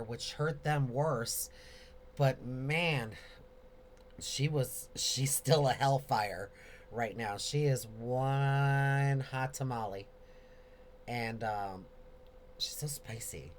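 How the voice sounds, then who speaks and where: A man hosting a casual live question-and-answer video, talking in a rambling, expressive, chatty way. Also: medium pitch, a little hiss or hum. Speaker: host answering viewer questions.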